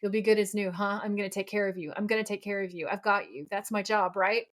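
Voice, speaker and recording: A woman's voice: medium pitch, fairly even intonation, fast, lightly acted. A distraught young man kneels over his dying brother, pleading and soothing him. A woman reads him out in a podcast recap, in an everyday mid-range voice with no real disguise.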